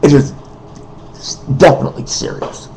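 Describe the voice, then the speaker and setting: A man speaking in an unscripted personal monologue, emotional and weary, halting, repeating himself and often clearing his throat. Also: a little mellow, slight background noise, poor audio. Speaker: person making a personal appeal.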